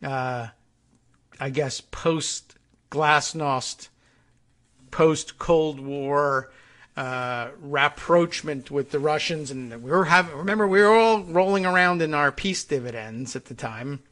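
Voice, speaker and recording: A man hosting a political talk show, riffing in a sardonic, digressive way with lots of asides and filler words. His voice sits a little high and sounds bright and forceful. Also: slow. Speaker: podcast host. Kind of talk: rambling political commentary.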